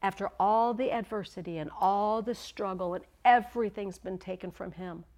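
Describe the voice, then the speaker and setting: A middle-aged woman teaching a sermon in an earnest, emphatic way, slowing down and dropping to a whisper to stress a point. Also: mid-range voice, a little mellow. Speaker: Bible teacher.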